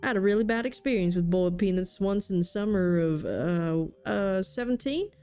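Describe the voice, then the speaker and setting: A woman's voice: medium pitch, moderate pace, dark tone, clear, resonant tone, soft background music, close to an everyday voice. A woman voicing an overfriendly cleaning lady who rambles in a cheerful, folksy way. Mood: rambling.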